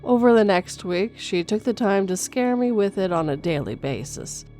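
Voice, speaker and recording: A woman reading a first-person horror story in a steady storytelling voice, going gentle for a mother's lines. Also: mid-range voice, normal speed. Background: faint music.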